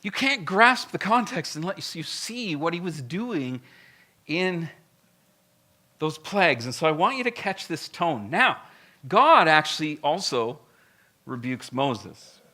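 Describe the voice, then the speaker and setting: A man's voice: fairly high pitch, sing-song, slow pace, pushed and bright. A male pastor preaching a sermon in a blunt, emphatic, conversational way, with frequent direct asides to the congregation.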